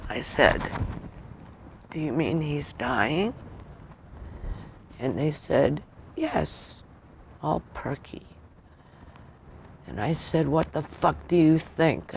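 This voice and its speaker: A widowed woman recalling a loss in a documentary interview, speaking slowly and often sinking into a whisper. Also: deep voice, a little mellow, a little hiss or hum. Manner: slow, gravelly, often dropping to a whisper. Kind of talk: documentary interview, personal recollection.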